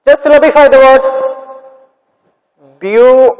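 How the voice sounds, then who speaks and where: High-voiced teacher, echoey. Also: male voice, expressive. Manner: slow, repetitive, drills sounds syllable by syllable. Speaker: English teacher. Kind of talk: classroom lesson for children. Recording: long reverb.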